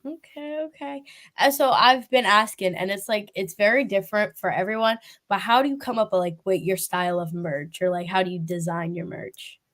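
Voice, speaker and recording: A woman's voice: medium pitch, normal speed, a bit bright. A woman hosting a casual interview, chatty and rambling with lots of fillers and laughter.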